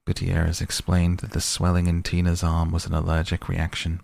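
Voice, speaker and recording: A man reading a novel aloud as narrator, giving each character's lines in a mostly even voice. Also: sits low, normal speed, vocal fry. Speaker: audiobook narrator. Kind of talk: scripted narration.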